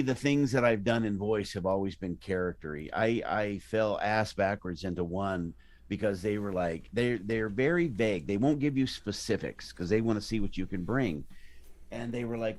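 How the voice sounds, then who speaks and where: Low-voiced animated actor, a man. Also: normal speed. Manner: animated, slips into character voices. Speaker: actor guest. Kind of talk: casual interview chat.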